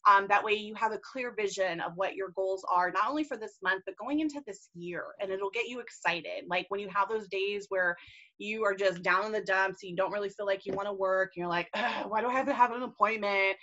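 A woman's voice: mid-range voice, a little fast, bright, forceful tone, lo-fi sound. A woman leading a team video call, enthusiastic, casual and gushing as she encourages her group. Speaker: team leader and mentor.

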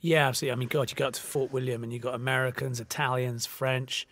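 A man's voice: medium pitch, flat delivery, fast talker, fairly bright tone, dry recording. A man from the United Kingdom talking through a film commentary in a loose, conversational way with many fillers. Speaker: film director.

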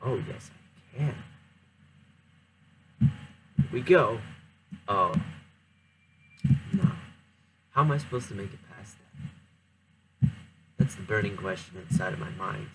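A man giving casual, self-mocking commentary while playing a game, speaking low and softly and talking to himself. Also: animated, takes it slowly, long pauses, a little hiss or hum, rough recording. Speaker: gameplay commentator.

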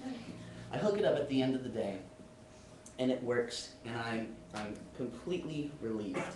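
A man's voice: mid-range voice, animated, normal speed, noisy background. A young man giving a classroom speech, telling a humorous personal anecdote. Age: young adult. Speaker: student speaker. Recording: roomy sound from a distant camera.

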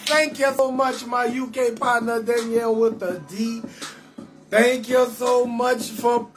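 A man riffs loudly and playfully, greeting viewers in a rambling, sing-song patter. He hosts a casual live stream from his bed at home, with faint music playing behind him. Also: extremely high pitch, steady tone, a little slow. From New Orleans. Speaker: comedian hosting a live call-in show.

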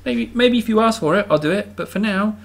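A man's voice: high voice, brisk, vocal fry. A man hosting a game video, giving casual, self-amused commentary and thinking aloud as he builds.

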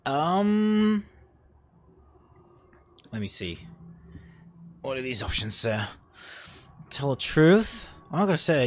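A young man giving casual, sarcastic gameplay commentary, chatty and swearing, with sudden loud outbursts. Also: fairly high pitch, big pitch swings, takes it slowly, long pauses. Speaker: let's play gamer.

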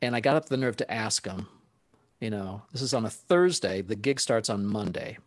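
A man's voice: fairly low pitch, normal speed, no room sound. Dry-sounding male musician telling stories. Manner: animated, laughs often, acts out quoted speech. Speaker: guest musician, saxophonist. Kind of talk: casual storytelling.

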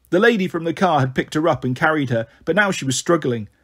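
Husky man reading a children's story. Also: fast, few pauses, a bit bright. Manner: voices the characters with lifted pitch. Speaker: narrator.

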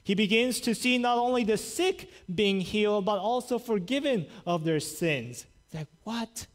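A male pastor preaching a sermon and retelling scripture stories in a lively, conversational way. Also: high-pitched, normal speed. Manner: animated storytelling, paraphrasing scripture conversationally.

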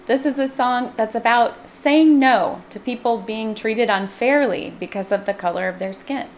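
A woman's voice: on the high side, normal speed, slight background noise. A woman librarian reading a picture book aloud to children, playfully acting out the sound words. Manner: playful, acts out sound words with big swings in voice. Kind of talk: storytime read-aloud.

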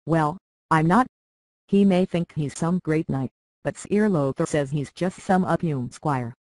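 A reader voicing a proud, hurt young noblewoman who pleads softly and bites back sharply, in an audiobook. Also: mid-range voice, measured pace, no echo, natural voice. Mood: cutting. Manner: pleading, then sharply biting. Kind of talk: audiobook character reading.

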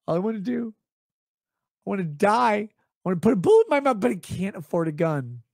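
A man putting on a high, whiny voice to mock a desperate adult man begging for attention. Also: big pitch swings, a little fast, vocal fry, no echo, studio quality, heavily acted. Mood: begging, whining. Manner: mocking, pleading, falsetto-high. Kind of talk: mocking impression in a livestream rant.

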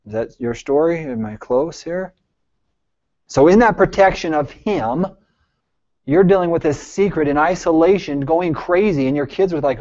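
A male therapist leading a support group, talking earnestly and reassuringly, moving between soft, hushed phrases and emphatic bursts and asking the group many questions. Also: fairly high pitch, moderate pace. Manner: pleading, reassuring, asks the group frequent questions. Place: group session room. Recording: dull lo-fi recording.

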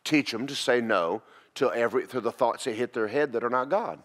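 A man teaching a church class, preaching in a folksy, animated storytelling way. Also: medium pitch, fairly quick. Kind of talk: sermon.

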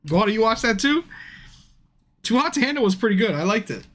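A man's voice: high voice, sing-song, normal speed, pauses often. Drunk, foul-mouthed male streamer. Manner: profane, swears constantly; bursts into yelling at the screen. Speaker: game streamer. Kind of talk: casual livestream commentary. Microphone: streaming mic.

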